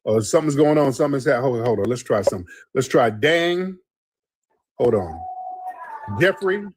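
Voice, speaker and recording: Brief: blunt male call-in host, husky edge, casual and direct. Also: mid-range voice, expressive, normal speed. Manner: blunt, loose, talks back to callers. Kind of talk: live call-in stream chat.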